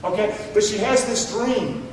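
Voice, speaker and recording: A man's voice: high-pitched, unhurried, slight background noise. A middle-aged man preaching a sermon as pastor, emphatic and calling on the congregation to answer back. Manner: emphatic, calls for congregation responses. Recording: echoey church hall recorded from far off.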